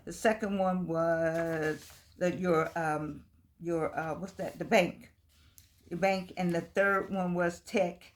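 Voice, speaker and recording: A woman's voice: lowish voice, steady tone, takes it slowly. An older woman with a Southern US accent, talking casually to camera in a folksy, rambling way. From United States. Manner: chatty, folksy, digressing, with laughs. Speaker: vlogger.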